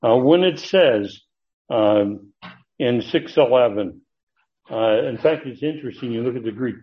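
A man's voice: medium pitch, expressive, unhurried. Earnest man teaching scripture, lo-fi. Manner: earnest, emphatic, stretches key words, reads from notes. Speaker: pastor teaching a Bible study. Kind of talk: expository Bible teaching. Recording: dull lo-fi recording.

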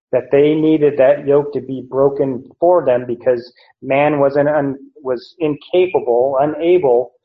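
A man teaching through a Bible passage verse by verse, explaining deliberately and pausing often to correct himself. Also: mid-range voice. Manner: slow, deliberate explanation with frequent "uh" and self-corrections. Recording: roomy, dull lo-fi recording.

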